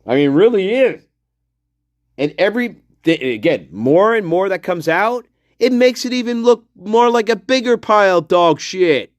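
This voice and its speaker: A man's voice: sits high, animated, moderate pace, no room sound. A male true-crime channel host giving profane, exasperated, emphatic ranting commentary.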